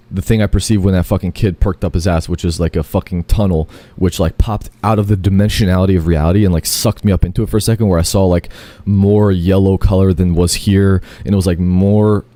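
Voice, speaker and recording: A man's voice: low-pitched, warm tone, no echo. A man telling a long, rambling first-person story, full of fillers, self-corrections and casual swearing.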